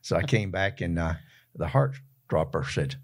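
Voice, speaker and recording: Sitting low and expressive, this older man's voice moves at a moderate pace, carrying a Southern Georgia accent from his home in Georgia, USA. He's a folksy interview guest spinning colorful, animated stories and frequently laughing partway through sentences.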